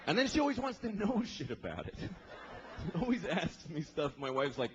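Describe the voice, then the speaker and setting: Stand-up comic, male, thirties. Exasperated, profane, very animated delivery. Noisy club recording. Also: sits high, lo-fi sound. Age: 30s. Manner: profane, exasperated, acts out characters in quick asides. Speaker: stand-up comedian. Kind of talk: stand-up comedy set.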